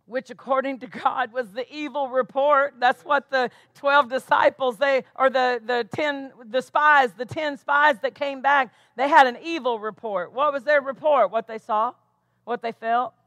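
A woman's voice: high-pitched, fairly even intonation, unhurried, fairly bright tone, no room sound. A woman pastor preaching a sermon with emphatic delivery, tossing questions back to the congregation. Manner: emphatic preaching with call-and-response asides.

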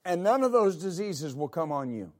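A male pastor preaches emphatically and repetitively, often calling out "amen," his fairly high voice rising and falling in a sing-song at a normal speed.

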